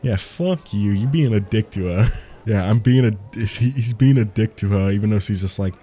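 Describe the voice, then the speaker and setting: A man's voice: fairly low pitch, moderate pace, dark tone, a little hiss or hum. A man giving casual let's-play commentary, swearing offhandedly and reading game text aloud between remarks. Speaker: game streamer.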